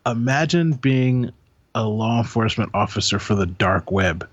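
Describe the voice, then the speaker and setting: A man's voice: mid-range voice, animated, normal speed, no room sound, muffled recording. Joking, rambling podcast co-host man. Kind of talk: casual chat.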